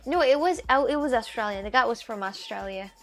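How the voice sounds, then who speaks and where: A woman's voice: a little high, lively intonation, fairly quick. Chatty woman streamer over faint music. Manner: chatty, laughs often, reads viewer comments aloud. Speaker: livestreamer reading chat. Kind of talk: casual live-stream chat. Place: outdoors on a city walk.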